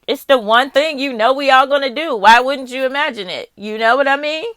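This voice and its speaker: A woman gives a casual tarot reading straight to the viewer in a high, slightly fast, somewhat bright voice, recorded dry. She's candid and profane, musing aloud and laughing often.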